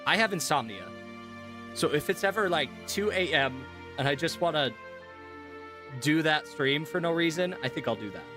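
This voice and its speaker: A man's voice: fairly high pitch, lively intonation, normal speed, pauses often, over music. A man who works as a voice actor, rambling easygoing to his chat during a live stream.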